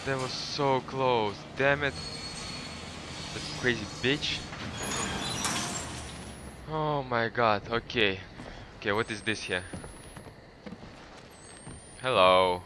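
A man's voice: mid-range voice, fairly even intonation, slow, long pauses, noisy background. A man commentating his own horror game playthrough, swearing often and breaking into panicked outbursts. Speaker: gaming channel host. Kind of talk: horror let's play commentary.

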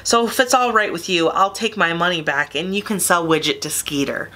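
Kind earnest little frog boy, woman reading him, bright lowish voice. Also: brisk. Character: kind young boy frog, thoughtful and generous.

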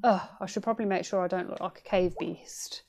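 A woman's voice: on the low side, steady tone, a little fast, darkish tone, slight background noise, lightly acted. A woman reading as a sardonic young cat girl. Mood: self-critical. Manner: dry, self-mocking, muttering. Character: sardonic young adult female cat, gloomy dropout.

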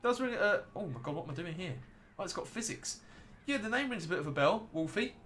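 A man's voice: high-pitched, animated, fast talker, fairly bright tone, a little hiss or hum. An American man streaming a game live, chatting casually and rambling to his viewers. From United States.

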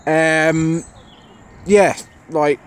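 A man's voice: a little high, steady tone, very slow, clear, resonant tone. Chatty man commentating on trains. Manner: chatty, rambling, thinks aloud with many fillers. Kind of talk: casual running commentary to camera. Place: outdoor railway station platform.

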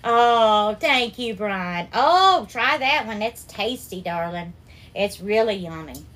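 A woman hosting a live cooking stream, warmly greeting viewers by name and calling them darling and sweetheart. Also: mid-range voice, lively intonation, takes it slowly. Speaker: cooking livestream host.

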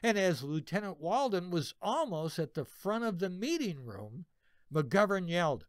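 A man in his seventies, a veteran narrating a personal army story in a slow, expressive way. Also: high-pitched, no echo, studio quality. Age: 70s. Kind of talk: reading a personal war story.

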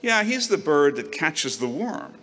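A man doing a sly chuckling old innkeeper, pitched up high. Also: sing-song, unhurried, pushed and bright, long reverb tail, exaggerated voice. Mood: teasing. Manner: folksy, teasing drawl.

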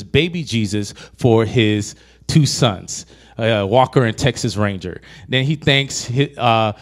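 A man preaching a casual, conversational sermon to a young adult group, asking the audience questions and retelling film scenes. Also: medium pitch. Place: church hall.

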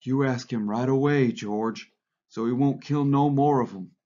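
A man reading the part of a big, childlike male farmhand who pleads excitedly. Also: mid-range voice, a little slow, voice pushed up, natural voice. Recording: lo-fi recording.

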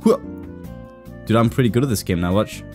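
A young man commentating his own gameplay, getting frustrated and cursing often with sudden excited outbursts. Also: on the low side, brisk, faint music behind. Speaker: gaming video host. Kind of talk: let's play commentary.

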